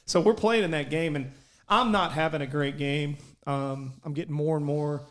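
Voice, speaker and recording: A man telling animated, profane stories on a casual podcast and shouting out his coach's lines. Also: a little high, normal speed. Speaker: podcast co-host. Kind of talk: casual storytelling chat.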